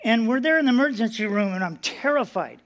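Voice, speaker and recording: Man, middle-aged, very high pitch, pastor, sermon, earnest storytelling. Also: animated, quick pace, a bit bright. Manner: earnest storytelling, emotional, acts out voices.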